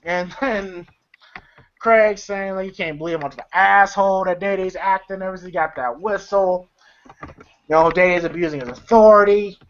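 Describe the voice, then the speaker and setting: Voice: mid-range voice, normal speed. A movie reviewer recaps a comedy film in a loose, rambling way, trailing off into fillers and breaking into laughs. The recording sounds dull and lo-fi, with the top end missing.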